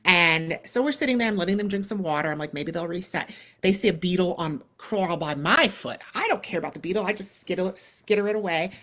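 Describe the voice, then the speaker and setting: A woman in her thirties hosting a podcast, telling a long story in a casual, animated way, full of "like" and acted-out dialogue. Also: fairly low pitch, quick pace, hardly any pauses. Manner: animated, lots of "like" and quoted dialogue. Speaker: podcast co-host.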